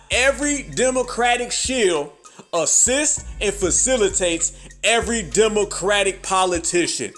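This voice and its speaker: A man's voice: high voice, animated, a little slow, fairly bright tone, faint music behind. A man giving heated, mocking, profane political commentary.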